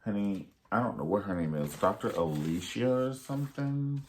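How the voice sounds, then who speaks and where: A man's voice: lowish voice, animated, moderate pace, a little hiss or hum. A man reviewing a reality show in a sassy, campy, casual chat. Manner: sassy, campy, dramatic swings in tone.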